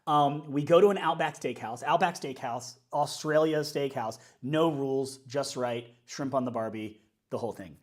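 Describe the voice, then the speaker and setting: Guy leading worship chatting on a stream, casual and upbeat, mid-pitch voice, talks through stuff as he goes. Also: moderate pace. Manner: chatty, upbeat, thinking aloud. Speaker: worship leader. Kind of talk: casual livestream chat.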